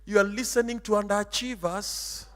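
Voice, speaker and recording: High, emphatic preacher in a hall. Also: male voice, fairly even intonation, normal speed. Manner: emphatic, theatrical, mixes in Swahili, shouts and sing-song. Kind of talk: sermon. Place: church hall.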